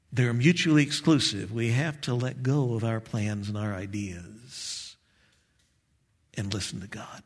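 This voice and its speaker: A male pastor preaching a sermon in an animated way, acting out prayers and chuckling at his own jokes. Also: medium pitch.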